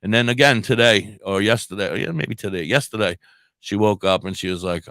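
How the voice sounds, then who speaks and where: Casting: deep-ish middle-aged male radio host, rambling animated storyteller, dry close mic. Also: fairly quick, dry recording. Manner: rambling, animated anecdotes with laughs. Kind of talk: casual storytelling chat.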